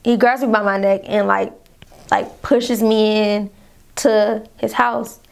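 A woman's voice: mid-range voice, steady tone, takes it slowly, vocal fry, darkish tone, clear, resonant tone. A young woman telling a painful personal story to her viewers in a vlog, rambling, calling them y'all, fighting back tears. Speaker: vlogger.

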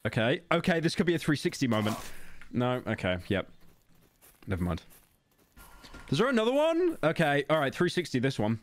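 A young British man streams a game and chats casually with his viewers, full of sarcasm and frequent swearing. His mid-range voice is animated and fairly quick, typical of casual gaming commentary.

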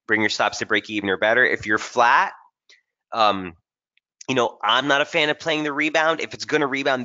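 A man's voice: medium pitch, bright, forceful tone, muffled recording. A man hosting a live trading webinar, talking casually and energetically straight to his viewers as he walks through market analysis over charts.

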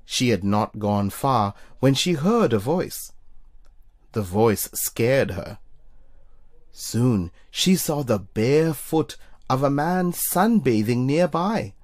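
A narrator reading a children's storybook aloud in an expressive way. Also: slow. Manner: expressive, puts on high squeaky voices for characters. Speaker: storybook reader for young children.

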